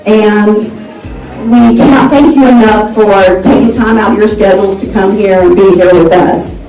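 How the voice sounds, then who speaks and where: A woman's voice: mid-range voice, fairly even intonation, normal speed. A woman thanking her guests for coming to celebrate her anniversary. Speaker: anniversary host. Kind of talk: thank-you speech. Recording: echoey room from far off. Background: music.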